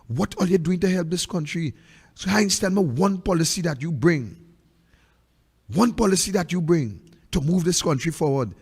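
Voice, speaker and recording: Speaking with a Trinidadian accent, a man with a slightly high voice hosts a political commentary show, recorded with a big-room sound. His impassioned monologue is a fiery, repetitive rant that at times slips into a sing-song delivery.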